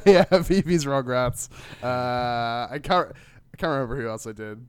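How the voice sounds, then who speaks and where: Casting: casual male co-host, halting delivery, smooth resonant voice, dry close mic. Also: mid-range voice, no echo. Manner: hesitant, with frequent restarts and laughs. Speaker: podcast co-host. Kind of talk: casual chat.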